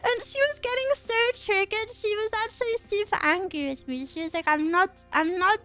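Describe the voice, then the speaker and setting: Very high-voiced giggly woman streamer. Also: very animated, fairly quick, fairly bright tone, faint music behind. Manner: giggly, laughs often between stories; playful, teasing storytelling. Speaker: VTuber streamer. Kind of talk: casual chat.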